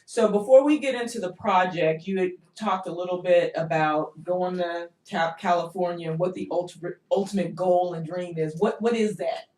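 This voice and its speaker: A man's voice: high-pitched, moderate pace, hardly any pauses, darkish tone, reverberant, far from the mic. A man hosting a radio interview, asking open, encouraging questions. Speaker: radio host.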